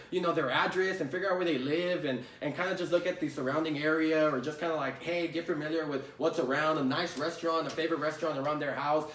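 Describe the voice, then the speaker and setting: A man giving a casual spoken lesson on sales calls, talking conversationally, repeating his points and often asking "right?". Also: on the high side. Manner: conversational, repeats phrases, many "right?" tags. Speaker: sales trainer. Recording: roomy echo, distant from the mic.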